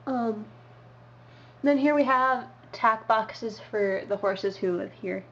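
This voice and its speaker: A young woman walks through her hobby setup in a slow, meandering way, filling pauses with ums and uhs. The audio is dull and lo-fi, with a faint hiss behind her voice. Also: fairly high pitch, a bit bright. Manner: rambling with many ums and uhs. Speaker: model horse hobby vlogger. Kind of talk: casual show-and-tell tour.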